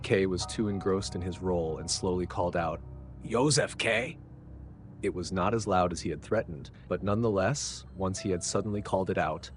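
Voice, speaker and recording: A man narrating an audiobook in a measured manner, dropping low for the dialogue tags. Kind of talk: scripted narration.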